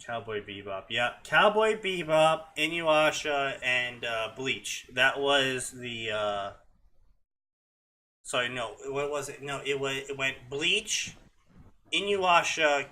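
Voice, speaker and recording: A man's voice: medium pitch, slow pace, sharp tone. A young man hosting a show who reads fanfiction aloud with sarcastic, joking commentary. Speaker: host reading fanfiction. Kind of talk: comedic reading and commentary.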